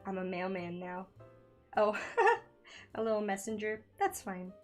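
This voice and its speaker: A young woman chats on a home live stream. Her pitch sits in the middle, and she talks in a nervous, giggly, scattered way while she draws. Faint music plays behind her. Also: steady tone, a little slow. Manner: nervous, giggly, loses her train of thought. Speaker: streamer and digital artist. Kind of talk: casual live-stream chat while drawing. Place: home room by a window. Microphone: studio microphone in a makeshift home setup.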